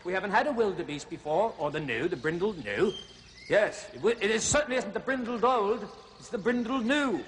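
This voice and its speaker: A man's voice: high voice, expressive, a little fast, slight background noise. An actor playing a cheerful male zoo host who talks chattily and folksily straight to young viewers. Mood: chatty.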